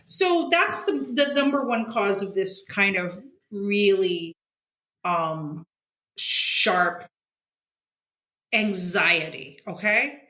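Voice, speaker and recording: Sixties woman guest, frank and punchy, bright tone, echoey room. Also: mid-range voice, animated, very slow. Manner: blunt, emphatic, keeps asking "okay?". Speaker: guest, comics editor and journalist. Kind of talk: casual interview talk.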